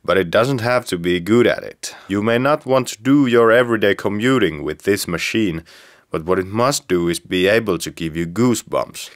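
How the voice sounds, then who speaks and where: A man, a car reviewer and host giving dry, tongue-in-cheek scripted narration. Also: lowish voice. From Finland.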